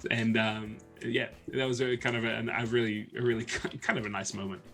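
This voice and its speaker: Male co-host, light Australian accent, rambling anecdotes, average pitch, faint music underneath. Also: level tone, normal speed. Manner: rambling storyteller, many fillers. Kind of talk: casual chat.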